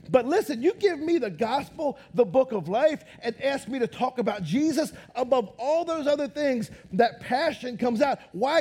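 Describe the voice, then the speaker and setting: Excitable pastor guy preaching in church, real high husky voice, gets loud and animated. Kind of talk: lively sermon. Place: church auditorium.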